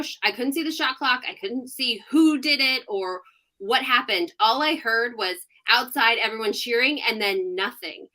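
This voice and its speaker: A woman in her thirties, a sports reporter guest on a casual podcast interview, telling stories in an animated way and laughing often. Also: fairly high pitch.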